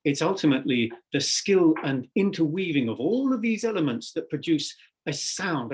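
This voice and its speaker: A man with a slightly raised pitch and a husky, breathy edge delivers a literature lecture. He speaks in a measured, explanatory way and lands hard on key words. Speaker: English teacher.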